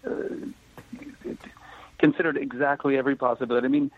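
Husky man on a tinny phone line. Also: medium pitch, little pitch movement. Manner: careful and measured, avoids spoilers. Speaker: actor guest. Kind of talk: casual interview chat.

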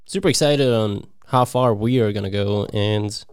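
A man's voice: lowish voice, moderate pace, smooth, no room sound, clean studio sound. A young man on a podcast, easygoing in casual chat and often saying "man". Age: young adult. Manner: easygoing, says man a lot.

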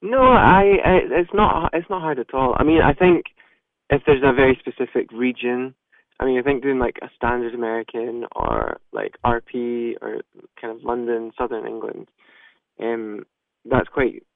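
A man with a Scottish accent, an actor guest chatting casually and relaxed in an interview. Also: mid-range voice, moderate pace, gravelly, no echo. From Scotland. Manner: relaxed, chatty, with self-deprecating asides. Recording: tinny phone line.

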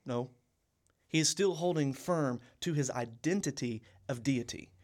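A man's voice: mid-range voice, measured pace. Earnest young man in casual Bible talk. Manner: earnest, repeats words, restarts phrases. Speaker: co-host. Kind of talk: casual Bible study podcast.

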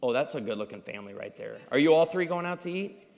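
A man preaching a humorous sermon with stories, acting out dialogue in an animated way. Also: mid-range voice, fast talker, gravelly. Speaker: pastor. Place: church auditorium. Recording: live hall reverb.

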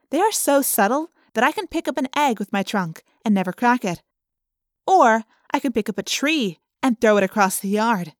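A woman narrating a children's audiobook in a playful, expressive storytelling manner. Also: mid-range voice, no echo, studio quality.

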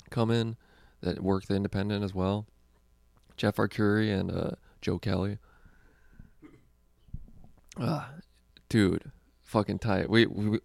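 Gravelly low-voiced man, rambling and profane. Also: no room sound, clean studio sound. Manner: rambling, profane, laughing often. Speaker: comedian and podcast host. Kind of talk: casual podcast chat.

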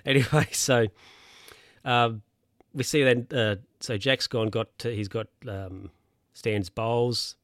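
A man's voice: mid-range voice, steady tone, slow pace, a bit bright, no room sound, clean studio sound. A young man casually retelling a film's plot, rambling, chuckling and losing his place to check his notes. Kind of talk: casual film recap.

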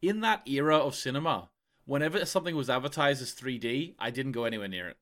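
A man's voice: mid-range voice, quick pace, fairly bright tone. A young man co-hosting a film podcast, easygoing and hesitant, often restarting his sentences. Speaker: podcast co-host. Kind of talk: casual film chat.

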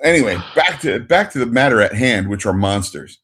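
Brief: male podcast co-host, casual chat, lively up-and-down delivery, slightly husky, quick to laugh and joke. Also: mid-range voice. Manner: animated, jokey, frequent laughter.

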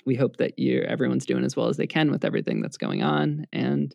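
Creaky-voiced man closing a podcast. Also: mid-range voice, wildly swooping pitch, a little fast, a little mellow, no echo, muffled recording. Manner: rambling, with frequent fillers and restarts. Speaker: podcast co-host. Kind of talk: casual podcast outro.

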